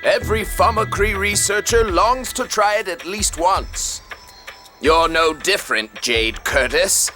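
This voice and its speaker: A man's voice: high-pitched, measured pace, sharp tone. An actor playing a bitter, guilty old male researcher in a video game, speaking in an accusing, defensive way. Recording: game audio with music behind.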